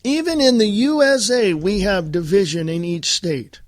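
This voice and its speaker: Male podcast host, American, high voice, combative monologue, dry close sound. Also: normal speed, dry recording. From United States. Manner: blunt and combative, addressing listeners directly. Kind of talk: political talk monologue.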